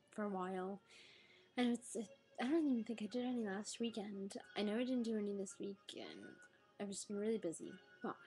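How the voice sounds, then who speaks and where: A woman's voice: medium pitch, darkish tone, poor audio. A woman, tired and rambling, chatting casually before reading a book aloud. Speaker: reader.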